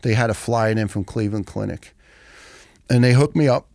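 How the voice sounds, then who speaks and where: A middle-aged man, telling his story as a podcast guest in a blunt, profane, animated way. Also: medium pitch, brisk, creaky, dry recording, clean studio sound. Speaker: guest, retired firefighter.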